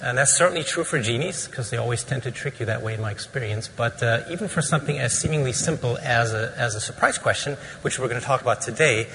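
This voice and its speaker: A man's voice: medium pitch, quick pace, vocal fry, hardly any pauses, fairly bright tone, long reverb tail, slight background noise, low-quality recording. A man presenting at a medical conference, casual and joking, with frequent fillers. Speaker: physician presenter. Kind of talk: conference lecture.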